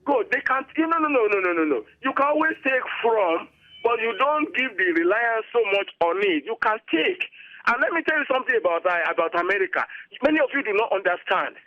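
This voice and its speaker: A man's voice: very high voice, big pitch swings, a little fast, dull audio. A retired army colonel in his fifties with a Nigerian accent, giving emphatic, lecturing interview answers and often checking that he is understood. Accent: Nigerian English. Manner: emphatic, repetitive, keeps asking "you understand me?".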